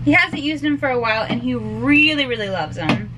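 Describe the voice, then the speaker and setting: A woman's voice: fairly high pitch, lively intonation, fairly quick, very noisy. A woman vlogging at home as a mom, chatting casually and using playful baby talk with her toddler, laughing often. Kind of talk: casual home vlog chat.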